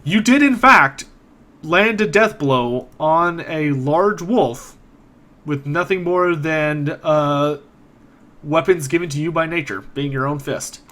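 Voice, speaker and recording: A man narrating a tabletop game as game master, relaxed, with fillers. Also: a little high, takes it slowly.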